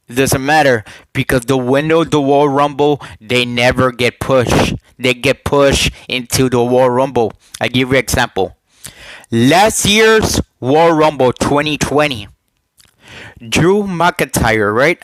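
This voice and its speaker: A man speaks into a headset mic in a casual home vlog, at a slow, unhurried pace. He talks in halting bursts, repeats words and throws questions at his viewers. The sound is dry and close. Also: medium pitch, fairly bright tone, no room sound, low-quality recording. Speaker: YouTuber giving wrestling predictions.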